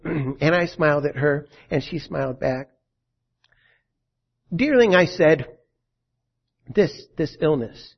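A man preaching a sermon, telling a tender story that sinks to a hush. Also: a little high. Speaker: pastor. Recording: dull lo-fi sound.

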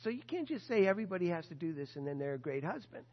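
A man delivers a sermon in a fairly high voice, telling stories with lively animation and briefly voicing the people he quotes. The sound is a little dull and muffled, and a long echo trails behind him as if he is preaching in a large church hall. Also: very fast. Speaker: pastor.

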